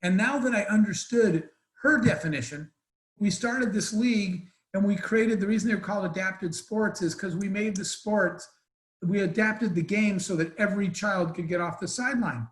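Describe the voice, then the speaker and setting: A man's voice: high voice, moderate pace, echoey room, poor audio. A man telling an emotional story as a guest speaker in an online Q&A, earnest and rambling with restarts, over a video call.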